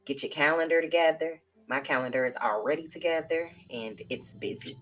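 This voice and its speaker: A woman hosting a live tarot stream, chatting casually and lively with her viewers. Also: low-pitched, normal speed, hardly any pauses, soft background music. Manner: lively, chatty, talks to viewers as y'all and child.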